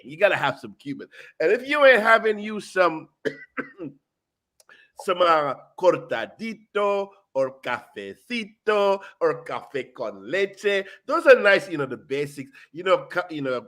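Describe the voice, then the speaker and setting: A man hosting a casual food chat, hyped and talkative, full of "you know" and "boom". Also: very animated, unhurried, a bit bright. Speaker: show host. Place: South Florida.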